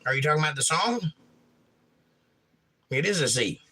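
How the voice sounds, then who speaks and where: A man from Georgia with a hoarse voice, casually chatting on his livestream and reading viewer comments in a folksy, rambling way. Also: on the high side, expressive, moderate pace, very noisy. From Georgia, USA. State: hoarse, damaged upper voice. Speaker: livestream host and pastor.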